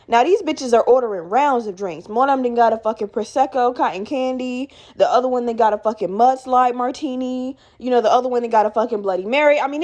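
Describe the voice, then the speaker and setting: Animated, foul-mouthed young woman storyteller. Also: a little high. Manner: animated, profane, acts out quoted people in raised voices. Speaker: podcast host. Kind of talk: casual storytelling.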